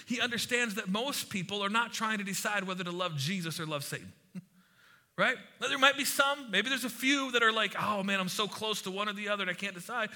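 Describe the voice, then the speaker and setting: Bright-voiced male pastor preaching conversationally. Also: fairly high pitch. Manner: conversational and animated, with acted-out quotes and asides. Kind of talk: sermon.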